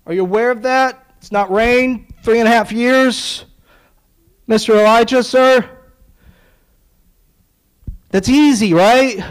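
A man's voice: extremely high pitch, takes it slowly, pauses often, clear, resonant tone, low-quality recording. A man preaching a sermon, retelling a story with acted-out dialogue and sarcastic asides.

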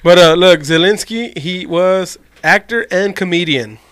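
A man's voice: high voice, measured pace, fairly bright tone, clean tone, no echo. A man in casual chat with friends, swearing freely and laughing as he talks. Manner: profane, laughing banter.

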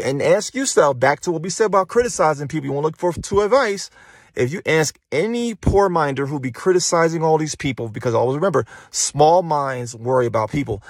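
This man's slightly high voice comes through a dry recording with clean studio sound. He hosts a motivational podcast, holding his phone as he talks in a casual monologue, cursing emphatically and repeating phrases to drive his points home.

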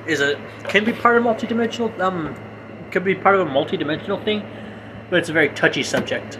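A young man with a slightly higher voice, thinking aloud in a relaxed podcast chat with his brother, pausing on "uh" and "like" as he works ideas out. The recording carries a clear noise bed, with an air conditioner humming behind him. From Hispanic family, grew up in the US. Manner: musing, hesitant with fillers. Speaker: podcast co-host. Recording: noisy home recording.

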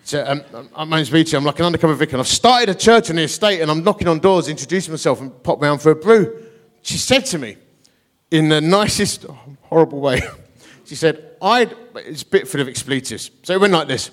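Animated preacher with a high voice. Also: male voice, moderate pace. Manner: animated, self-deprecating, acts out voices in his story. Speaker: guest preacher. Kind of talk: storytelling sermon.

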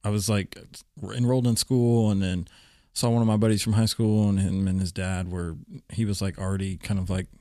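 A man chatting casually with an old friend, joking and reminiscing, his voice leaping up when he gets excited. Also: brisk, dry recording, studio quality. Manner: joking, animated, jumps up in pitch when excited. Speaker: guest, old friend and former housemate. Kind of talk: casual conversation.

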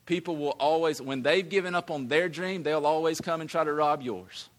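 A man preaching a sermon with a slightly high voice. He talks in a conversational, emphatic way, often repeating words as he drives a point home. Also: normal speed. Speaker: pastor.

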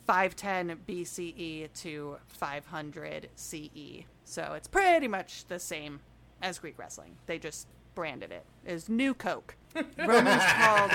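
A woman's voice: lowish voice, gravelly, bright, forceful tone. A woman co-hosting a podcast, telling history in a playful, jokey way and laughing often. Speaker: podcast co-host. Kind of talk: casual history chat.

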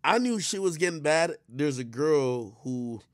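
A man's voice: fairly high pitch, animated, unhurried, dry recording, studio quality. A man giving blunt, profane commentary in a rambling, storytelling way while reacting to a clip.

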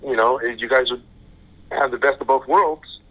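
An older man calling in as a guest, telling a personal story in a halting way and often repeating himself. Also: mid-range voice. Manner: halting, repeats words and restarts. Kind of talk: casual storytelling. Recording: tinny phone line.

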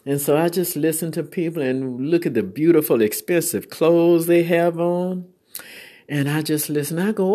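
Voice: medium pitch, normal speed, warm tone. A preacher, giving a conversational sermon and acting out both sides of a dialogue. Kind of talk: sermon with storytelling.

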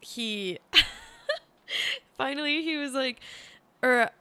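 A woman's voice: high-pitched, lively intonation, very slow, sharp tone, slight background noise. A young woman co-hosting a casual podcast, telling a story in a chatty way and laughing often. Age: young adult. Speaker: podcast co-host. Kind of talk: casual chat.

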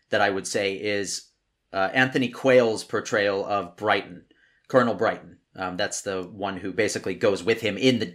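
A man co-hosting a podcast who gives his opinion of a film casually and confidently. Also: lowish voice.

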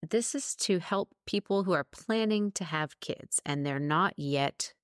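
Low-voiced woman telling chatty stories. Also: measured pace, dry recording, studio quality. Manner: chatty storytelling, laughs often. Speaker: podcast co-host. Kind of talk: casual chat.

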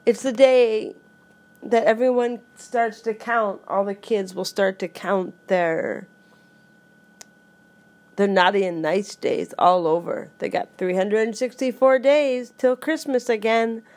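A woman hosting her own podcast in a playful, joking way, reciting a holiday poem with loud, animated emphasis. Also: mid-range voice, slow pace. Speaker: podcast host.

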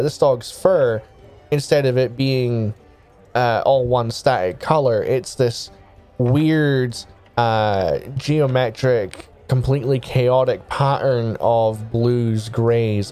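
A man runs a tabletop game, narrating scenes in meandering, filler-laden descriptions. His tone is dark and mellow, and quiet music plays underneath. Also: medium pitch. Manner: rambling, hesitant descriptions with many fillers. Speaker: game master.

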